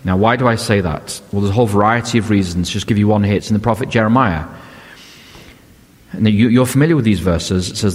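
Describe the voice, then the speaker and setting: A man's voice: on the low side, fast, darkish tone. An older man preaching a sermon as a pastor, telling stories and asking rhetorical questions in a conversational way. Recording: long hall reverb.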